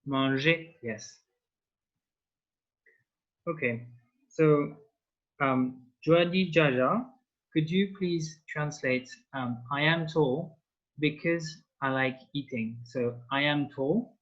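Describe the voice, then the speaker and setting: Over a video call, a male French tutor whose first language is French leads an online language class, prompting slowly and patiently step by step. His voice is a little high, and the recording has dull, lo-fi call quality.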